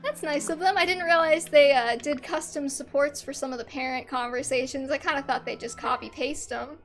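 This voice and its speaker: A woman's voice: high-pitched, fairly quick, fairly bright tone, soft background music. A woman streaming a game, reacting with casual, incredulous commentary and swearing.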